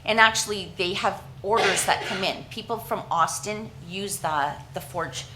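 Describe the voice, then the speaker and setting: A woman from Canada giving an earnest, halting presentation at a council meeting, with frequent restarts and fillers. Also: mid-range voice, heavy background noise.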